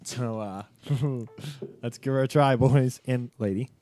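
A man's voice: medium pitch, slow pace. Hesitant man hosting a jerky tasting. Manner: relaxed, hesitant with many fillers. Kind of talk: casual chat, food tasting.

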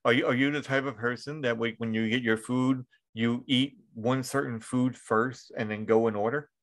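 A man's voice: mid-range voice, fairly even intonation, moderate pace, fairly bright tone. A man hosting a podcast, telling rambling stories with frequent laughter and swearing. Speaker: podcast host. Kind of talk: casual chat.

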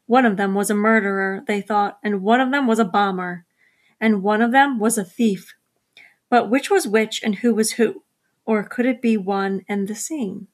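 A woman narrating a mystery novel at a measured pace, briefly voicing the characters. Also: mid-range voice. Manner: measured storytelling, gives characters quick voices. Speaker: audiobook narrator. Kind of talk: scripted narration.

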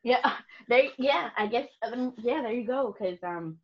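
A woman in a casual podcast chat, telling lively stories as a guest photographer and laughing often. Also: fairly high pitch, a little slow. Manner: animated storyteller, laughs often. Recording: muffled lo-fi podcast audio.

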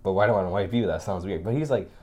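A man co-hosting a podcast, telling a story in lively casual chat, acting out voices and laughing often. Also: low-pitched, very fast, slight background noise. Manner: animated storyteller, acts out voices, laughs a lot. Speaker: podcast co-host.

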